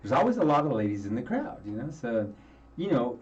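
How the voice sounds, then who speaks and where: A man's voice: mid-range voice, big pitch swings, fairly quick, distant mic, dull audio, crowd noise. A man hosting a casual interview chat, playful and teasing with his guest. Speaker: show host.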